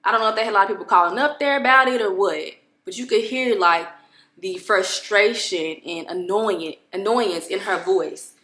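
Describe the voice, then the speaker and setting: A woman vlogger at home, telling a story to camera in an expressive, exasperated way, with many restarts. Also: mid-range voice, moderate pace, reverberant. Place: home apartment room.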